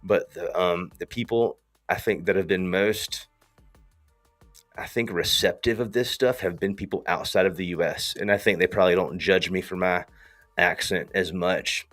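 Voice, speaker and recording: Deep-voiced man with a Southern US accent. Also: moderate pace, faint music behind. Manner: rambling, slangy, animated. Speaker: host. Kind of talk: casual livestream talk.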